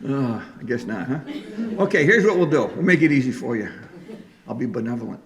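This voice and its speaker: A man's voice: medium pitch, lively intonation, a little fast, a crowd in the background. A man telling folk stories and leading a live sing-along in a library event room. He talks in a chatty, joking way and coaxes the audience to join in. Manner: jokey, chatty, coaxing the audience. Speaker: folk singer and storyteller. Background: guitar.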